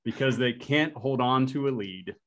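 A man hosting a podcast, chatting casually and telling jokes in an upbeat, energetic way. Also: medium pitch, moderate pace. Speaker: podcast host. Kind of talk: casual chat.

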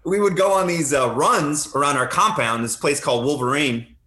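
A man's voice: on the high side, normal speed, reverberant. A man in his thirties, a retired Army helicopter pilot, telling stories in a casual chat and animating the lines he quotes. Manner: animated storyteller who acts out quoted lines.

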